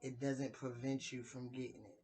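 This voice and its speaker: A woman in her late thirties sharing her opinions in a casual vlog, speaking in a deliberate, conversational way with playful dramatic asides. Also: a bass voice, little pitch movement, warm tone, rough recording. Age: 30s. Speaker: vlogger.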